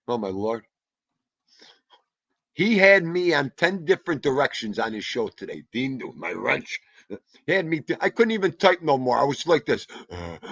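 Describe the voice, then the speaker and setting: A man hosting a livestream, rambling excitably and greeting viewers by name. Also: medium pitch, no echo, highs cut off. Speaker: livestream host. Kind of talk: casual chat.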